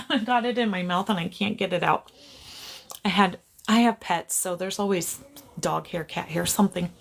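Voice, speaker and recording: A woman's voice: fairly low pitch, moderate pace, vocal fry. A woman psychic medium chatting casually on a livestream. She laughs often, keeps apologizing and gets easily sidetracked, speaking to a camera on a tripod.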